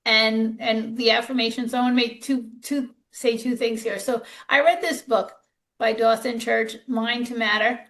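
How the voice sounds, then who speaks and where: A woman's voice: on the high side, fairly even intonation, moderate pace, fairly bright tone. A woman hosting a podcast interview, chatty and candid, sharing her own experience with a self-deprecating touch. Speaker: podcast host.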